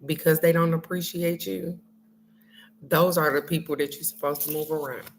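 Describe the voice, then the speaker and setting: A woman hosting a casual livestream, talking loud and fast with slang, swearing and lots of laughter. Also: low voice, steady tone, a little hiss or hum. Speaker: spiritual card reading host. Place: on a trip abroad.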